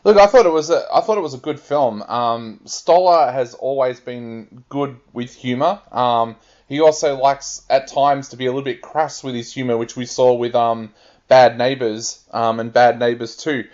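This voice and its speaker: A man's voice: mid-range voice, moderate pace, darkish tone. A man reviewing films on a radio panel, speaking frankly and conversationally. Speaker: film reviewer. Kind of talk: radio film review chat. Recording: dull lo-fi radio audio.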